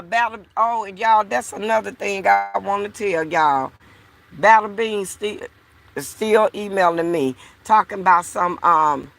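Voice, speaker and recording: A woman's voice: mid-range voice, vocal fry, sharp tone. A woman vlogger talking to her viewers in a casual, frustrated, repetitive way. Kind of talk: casual talk to camera.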